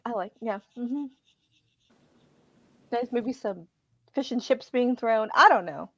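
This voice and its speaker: A woman co-hosting a casual wrestling podcast, animated and quick to laugh. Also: on the high side, no room sound. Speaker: podcast co-host.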